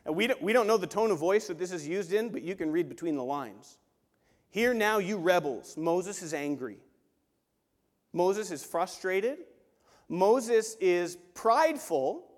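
A man preaching a sermon as a pastor, animated and acting out the voices he quotes. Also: high-pitched. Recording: long hall reverb.

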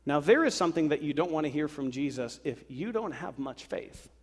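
A man preaching a sermon to a congregation, lively and acting out worried voices. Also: on the high side, a little fast. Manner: animated, acts out worried voices. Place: church sanctuary. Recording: long hall reverb.

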